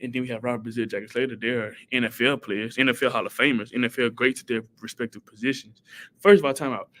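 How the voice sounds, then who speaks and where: A man chats casually on his live stream, reacting to viewer comments with lively energy. His voice sits in a middle pitch for a man, and he keeps things loose and conversational while calling out names. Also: fast. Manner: animated, reads viewer comments and gives shout-outs.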